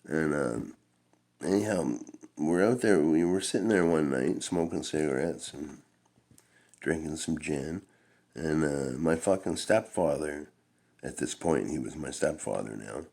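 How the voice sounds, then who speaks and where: A man's voice: a bass voice, creaky, darkish tone. A middle-aged man telling a long-winded, profane personal story in a laid-back, rambling way. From Canada.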